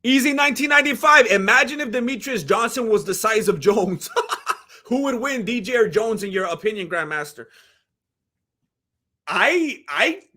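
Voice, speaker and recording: Brief: high-pitched male streamer, lively and rambling, casual commentary. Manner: animated, rambling, jumps into voices. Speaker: livestream host.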